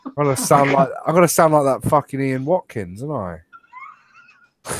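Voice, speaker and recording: A man's voice: medium pitch, very animated, normal speed. A man co-hosting a podcast, playful and teasing, swearing freely in casual banter. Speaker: podcast co-host.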